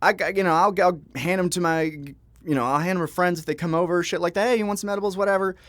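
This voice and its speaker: A man's voice: high voice, steady tone, fast, fairly bright tone, dry recording. Chuckling man rambling through a story. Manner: rambling, chuckling, frank and profane. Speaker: vlogger. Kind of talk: casual storytime monologue. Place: home, at his computer.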